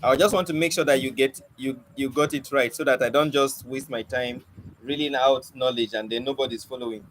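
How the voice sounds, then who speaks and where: A man's voice: mid-range voice, steady tone, brisk, fairly bright tone, slight background noise, rough recording. A young man teaching an online poetry lesson, coaxing and questioning his students with light teasing. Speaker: poetry mentor.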